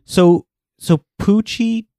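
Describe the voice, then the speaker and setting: A man's voice: high-pitched, fairly even intonation, slow, warm tone, no echo, studio quality. A man co-hosting a casual chat, laid-back and asking questions. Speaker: podcast co-host.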